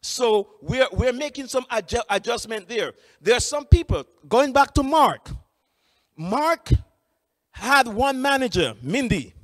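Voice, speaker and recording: A man giving a training lecture, telling lively stories with frequent restarts. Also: very high voice, measured pace, no room sound, studio quality, long reverb tail. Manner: animated storytelling, many restarts. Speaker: employment trainer.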